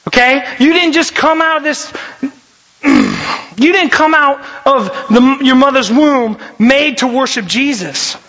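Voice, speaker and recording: A young man, a youth pastor, preaching a lively, jokey sermon and often shifting his voice. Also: extremely high pitch. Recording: dull lo-fi recording.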